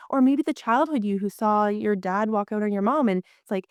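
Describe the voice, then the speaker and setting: A woman's voice: on the high side, fast, hardly any pauses, clean tone, no room sound, studio quality. A woman marriage coach explaining her methods as a guest in a conversation, acting out inner voices as she goes. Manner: animated, acts out inner voices.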